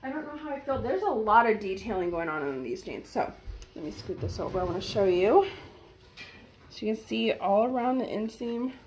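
A young woman talking casually to her viewers at home, chatty and gushing as she shows off her finds. Her voice sits at a middle pitch for a woman. Faint hiss runs under it from a camera mic a few feet away. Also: lively intonation, moderate pace, darkish tone. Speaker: vlogger. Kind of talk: casual try-on haul chat.

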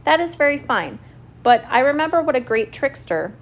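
A woman's voice: a little high, brisk. A woman doing a crafty little mouse. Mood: pleading. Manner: calm, crafty, persistent. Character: clever little male mouse, shrewd bargainer.

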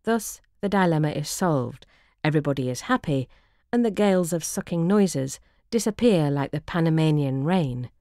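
A woman reading her travel memoir aloud as narrator, dry and wry in a measured way. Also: low-pitched, animated, warm tone, dry recording.

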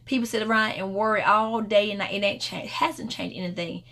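A woman's voice: mid-range voice, steady tone, fairly quick, sharp tone. A woman minister speaking informally in a devotional prayer video, telling a rambling story with many restarts and bursts of laughter.

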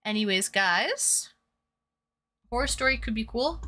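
A woman's voice: fairly high pitch, animated, moderate pace, pushed and bright. A woman hosting a live stream in casual chat, reading viewers' messages aloud and answering them.

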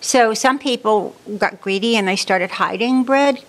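A woman in her seventies, born in Germany and raised in the Bronx, New York, unhurriedly recounts her life story as an interview guest. Her voice is fairly high and her pace a little slow.

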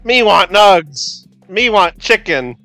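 A man putting on a dim-witted male caveman voice, speaking in slow, clipped, broken phrases. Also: high-pitched, very animated, sharp tone, dry recording, soft background music, voice pushed up, exaggerated voice. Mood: dopey.

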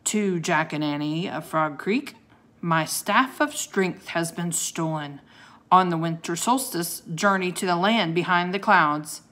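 A woman reading aloud and voicing a gruff, huge bearded wizard who talks in a slow, booming, scornful way. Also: fairly bright tone. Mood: solemn.

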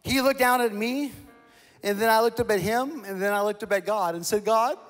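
A male pastor preaching a sermon as a humorous, lively story with self-mocking asides. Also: high-pitched, a little fast, faint music behind. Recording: reverberant church hall.

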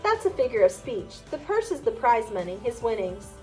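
A woman's voice: on the high side, sing-song, normal speed, warm tone, soft background music. A woman reading the part of an adult man who patiently explains investments and apologizes. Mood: explaining.

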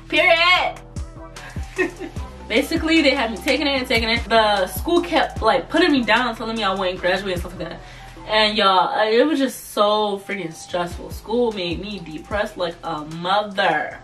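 A young adult woman telling a personal story in a casual, animated vlog, laughing often as she talks. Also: medium pitch, far from the mic. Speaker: vlogger. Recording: voice a bit off-mic, faint music behind.

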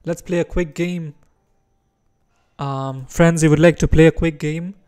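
Indian man, chess streamer, slightly high voice, slow chatty delivery, faint music under him. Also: fairly even intonation, a little mellow, clear, resonant tone. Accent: Indian English with American and British touches. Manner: unhurried, chatty, reacts aloud to his own moves. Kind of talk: casual live-stream chat while playing chess.

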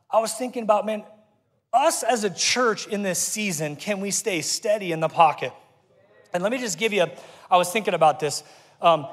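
A middle-aged man preaching a lively, conversational sermon to a congregation, breaking off and restarting his sentences. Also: high voice. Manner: energetic, conversational, self-interrupting. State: getting out of breath. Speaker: pastor. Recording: reverberant church hall.

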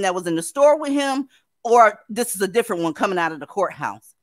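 A woman's voice: mid-range voice, expressive, a little fast, dry recording. A woman hosting a livestream, talking bluntly and sardonically to her viewers. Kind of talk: livestream commentary.

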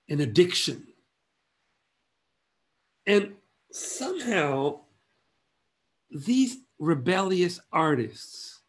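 A man giving an illustrated art history lecture in measured, halting phrases broken by long pauses. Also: on the high side.

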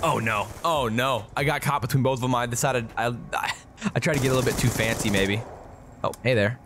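A young man giving excitable, trash-talking commentary over his own shooter gameplay as a gaming YouTuber, with game music and gunfire behind him. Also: mid-range voice, brisk, noisy background.

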